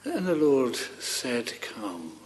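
A man delivers a sermon in a slow, deliberate way, his voice sitting somewhat high. He stumbles and repeats words as he restarts, then rises fervently on pleading questions. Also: animated, a little mellow. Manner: halting and earnest, with frequent repeated words and restarts. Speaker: preacher.

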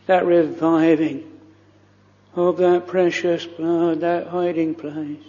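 The long echo of a church hall fills this lo-fi clip of a minister praying aloud at the pulpit. His speech is slow, steady, and flat, couched in old-style formal phrasing, earnest and beseeching, and his mellow tone is slightly higher-pitched than most men's.

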